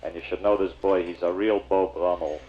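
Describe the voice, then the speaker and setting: A man's voice: low-pitched, fairly even intonation, a little fast, highs cut off. A man doing a stand-up routine, chatting with the audience in a confiding storyteller's manner. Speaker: comedian and emcee.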